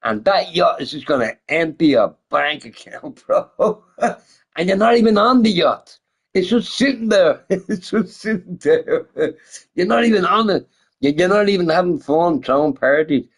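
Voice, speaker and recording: On a rough recording, a gaming streamer with a slightly high, very animated voice talks at a moderate pace. He rambles casually with viewers, cursing frequently, laughing, and tossing out one rhetorical question after another.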